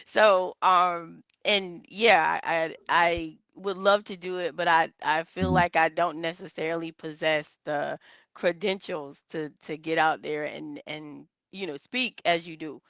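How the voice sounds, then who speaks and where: A woman's voice: lowish voice, steady tone, unhurried, gravelly, a bit bright, no room sound, dull audio. A woman calling in to a talk stream, earnest and rambling, restarting her sentences often. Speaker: caller. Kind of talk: casual call-in chat.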